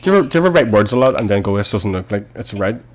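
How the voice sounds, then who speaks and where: A man's voice: fairly low pitch, lively intonation, rapid-fire. Streamer, man, west belfast accent, self-mocking banter while gaming, sweary. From West Belfast, Northern Ireland. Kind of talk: casual chat while playing online.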